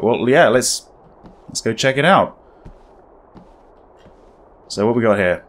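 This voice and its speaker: A man's voice: mid-range voice, animated, slow, fairly bright tone. A man giving casual, wry commentary while playing a horror game, thinking aloud. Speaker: gaming video creator.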